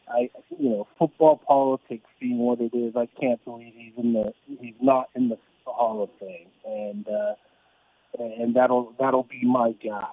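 Male radio caller, halting and repetitive, tinny dry phone line. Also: mid-range voice, gravelly, no room sound. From Southern California. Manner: halting, repeats words while thinking. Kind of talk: phone-in call.

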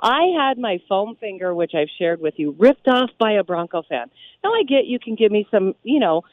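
A woman, a radio DJ, calling in to a sports radio show and telling stories with emphatic, animated delivery. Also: medium pitch, normal speed, no room sound. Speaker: radio DJ guest. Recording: tinny phone line.

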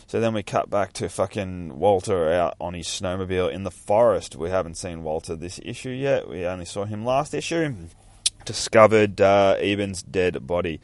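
Aussie bloke reading a comic out, very deep voice, swears a lot, dry sound. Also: male voice, expressive, moderate pace, no room sound. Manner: profane, chatty, narrating panels. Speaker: comic reader. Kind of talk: casual comic read-aloud.

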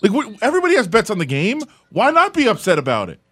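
A man's voice: high voice, wildly swooping pitch, quick pace, a bit bright, slightly rough, no echo. A man co-hosting sports talk radio, blunt and argumentative. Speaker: radio co-host. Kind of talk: casual sports radio chat.

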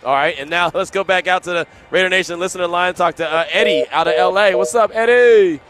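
A man's voice: high voice, fairly even intonation, fast talker, pushed and bright. A man hosting live sports radio outdoors at a stadium, upbeat and full of hype, repeating phrases. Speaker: radio host.

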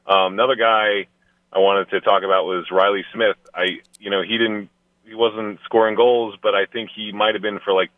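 A male caller to a sports radio show, hoarse from losing his voice, rambling with many fillers. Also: on the low side, no room sound. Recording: phone line.

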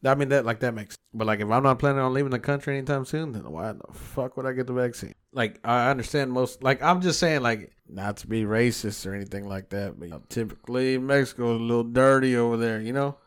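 A man's voice: mid-range voice, fast, hardly any pauses. Man, podcast co-host, casual crude banter, rambling, profane. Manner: rambling, profane, laughs often.

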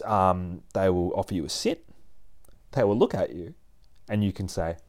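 A man explaining dog training in a casual, animated way, often laughing and acting out his dog. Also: low voice, moderate pace. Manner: animated, acts out dogs and people in playful voices, laughs often. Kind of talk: casual instructional talk.

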